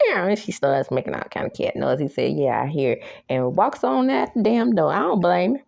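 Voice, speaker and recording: A woman's voice: on the low side, creaky, darkish tone, no room sound, studio quality. A woman recapping a TV episode in a casual, sassy way, laughing often and acting out the characters' lines. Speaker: recap host. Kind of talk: casual show recap with reactions.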